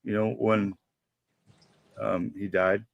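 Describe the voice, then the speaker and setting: A man's voice: fairly low pitch, flat delivery, slow, vocal fry, no echo, lo-fi sound. A man co-hosting a casual after-show chat, rambling and retelling scenes. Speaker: podcast co-host.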